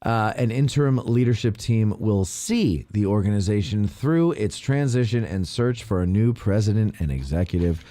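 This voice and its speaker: Animated, jokey man hosting a podcast. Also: fairly low pitch, normal speed, few pauses, no room sound. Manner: jokey, animated, reads aloud with playful asides. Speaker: podcast host. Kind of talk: casual chat, reading news.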